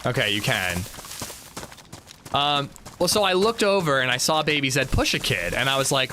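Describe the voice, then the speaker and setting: A man's voice: mid-range voice, expressive, moderate pace, pushed and bright, slight background noise. A man livestreaming a game, chatting casually and telling stories, swearing and acting out the quotes. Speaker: streamer. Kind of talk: casual livestream chat while gaming.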